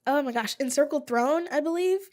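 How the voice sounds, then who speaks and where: A woman in her twenties hosting a casual solo podcast, rambling and chatty, thinking out loud as she goes. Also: high voice, a little fast. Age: 20s. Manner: rambling, chatty, thinks aloud while looking things up. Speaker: podcast host.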